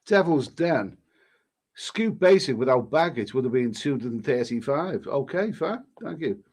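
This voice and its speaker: A man, a travel vlogger, casually reading viewer comments aloud and answering them in a halting way with many restarts. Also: mid-range voice, lively intonation, a little mellow. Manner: halting, frequent restarts, reads comments aloud then replies. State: coughing now and then. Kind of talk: casual live-stream chat.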